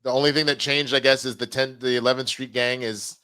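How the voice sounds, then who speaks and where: A man hosts a live stream in a relaxed, chatty way, his sentences trailing off and starting over. His voice is smooth and resonant. The sound is dry and close. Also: mid-range voice, brisk, no room sound. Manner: loose, chatty, trails off and restarts. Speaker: show host. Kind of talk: casual live-stream chat.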